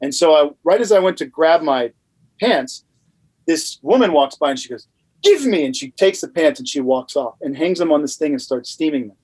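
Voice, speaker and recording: A man's voice: a little high, brisk, breathy edge, poor audio. A man from Louisiana telling a rambling anecdote as a podcast guest, with lots of fillers. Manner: animated, rambling with many fillers. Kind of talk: casual storytelling.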